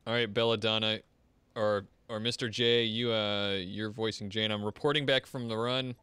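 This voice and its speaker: A man leading a group through an online game, excitable and laughing often in casual gaming chat. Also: on the low side, normal speed, clean tone, no echo. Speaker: game leader.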